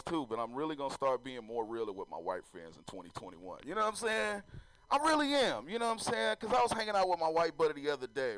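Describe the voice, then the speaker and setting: A man performing stand-up in a club, his pitch swinging up and down as he riffs and curses. His voice sits a little high for a man and sounds dry and close, with little room around it. He laughs at his own punchlines. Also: fairly bright tone, smooth, no echo, low-quality recording. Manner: profane, loose, laughing at his own jokes. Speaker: stand-up comedian. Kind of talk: stand-up comedy set.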